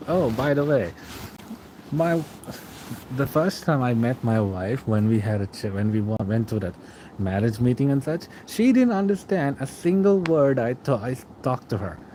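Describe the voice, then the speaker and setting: A man's voice: medium pitch, lively intonation, normal speed, mellow, slight background noise, rough recording. Chatty young man streaming late at night. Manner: rambling, reads and answers chat, chuckles often.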